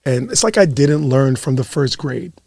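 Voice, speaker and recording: A man's voice: medium pitch, animated, normal speed, creaky, darkish tone, dry recording, clean studio sound. A young man hosting a podcast, telling stories in casual chat with lots of laughter and swearing. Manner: profane, giggly storytelling. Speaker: podcast host.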